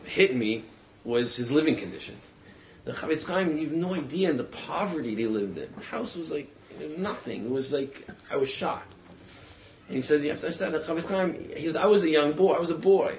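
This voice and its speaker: Man, mid-pitched storyteller; loose, conversational retelling with frequent restarts and fillers. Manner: casual, halting, with many fillers and restarts.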